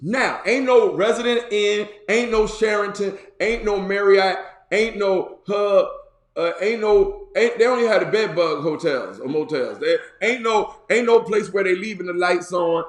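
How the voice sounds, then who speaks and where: A male pastor preaching a sermon, retelling a story in colloquial slang with lively asides. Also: high-pitched, measured pace. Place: church. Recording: roomy echo.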